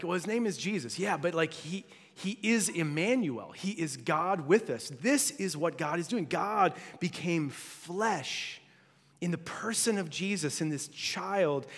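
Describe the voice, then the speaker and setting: A man preaching a sermon in a church, in a conversational way, with frequent fillers, restarts and playful asides. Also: fairly high pitch. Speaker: pastor. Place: church sanctuary. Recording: long hall reverb.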